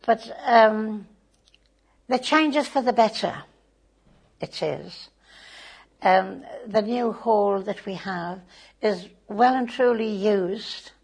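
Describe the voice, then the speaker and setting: A woman's voice: medium pitch, slow, vocal fry, pauses often, slightly rough. An older woman, a community volunteer chatting in an interview with homely tag phrases. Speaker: community volunteer and board member. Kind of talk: interview, casual recollection.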